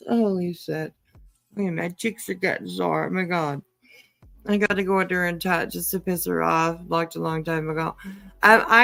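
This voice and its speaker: A woman's voice: on the low side, gravelly, fairly bright tone, dry recording. A woman giving casual live commentary, swearing freely, mocking, and often laughing. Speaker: commentary streamer.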